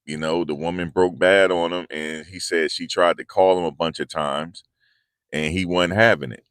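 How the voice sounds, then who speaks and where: A man's voice: sits low, fairly even intonation, moderate pace, fairly bright tone, clear, resonant tone, no room sound, studio quality. A man hosting a casual commentary video, talking in a loose, slangy, repetitive way. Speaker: commentary channel host.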